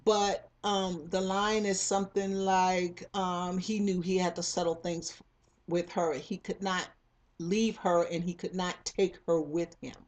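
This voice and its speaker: A woman's voice: lowish voice, steady tone, measured pace, a little mellow. A woman casually retelling the plot of a novel, rambling with many fillers and restarts and briefly acting out the characters' lines. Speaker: book club reader retelling a novel. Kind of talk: casual spoken story retelling.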